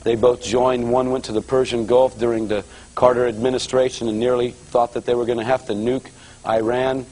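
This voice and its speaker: Animated man telling his testimony. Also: medium pitch, moderate pace, low-quality recording. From Los Angeles area. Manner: animated storyteller, voices quotes, rising excitement. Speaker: guest preacher giving testimony. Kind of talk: sermon testimony storytelling.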